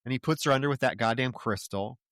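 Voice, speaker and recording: On studio-quality audio with no room sound, a man with a mid-range, slightly bright voice speaks at a quick pace. Co-hosting a podcast, he recaps a horror film in casual, profane chat, retelling scenes and acting out quoted dialogue.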